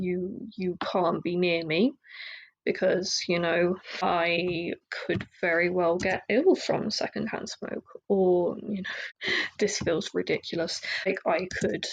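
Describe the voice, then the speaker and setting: A woman's voice: lowish voice, low-quality recording. A young woman hosting a casual solo podcast, talking candidly and rambling with lots of fillers and restarts. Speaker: podcast host.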